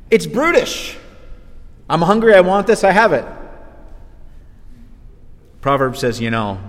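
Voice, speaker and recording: A man preaching a sermon in a lively, conversational way, acting out quotes as he goes. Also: medium pitch, big-room sound.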